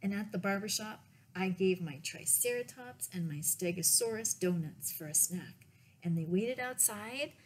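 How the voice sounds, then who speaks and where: A woman librarian reading a picture book aloud to children in a gentle storytelling manner. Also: mid-range voice, expressive, moderate pace, a little hiss or hum.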